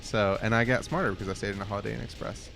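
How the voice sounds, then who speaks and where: A man's voice: lowish voice, fairly even intonation, very fast, creaky, fairly bright tone, faint music behind. A man hosting a casual gaming podcast, telling rambling anecdotes with laughs and swearing. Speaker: podcast host. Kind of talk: casual chat.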